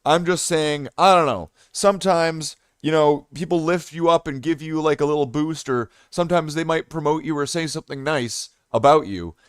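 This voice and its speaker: His voice is on the high side and smooth, moving at normal speed with few pauses in studio-quality sound with no room sound. As a gaming live streamer, he rants to chat with constant profanity and rambling restarts.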